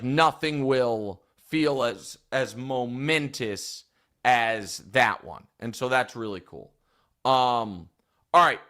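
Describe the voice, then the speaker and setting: An opinionated male sports talk host. His voice sits at an ordinary middle pitch, and he builds his points in long, rambling, thinking-aloud runs, like casual studio commentary. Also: fairly bright tone.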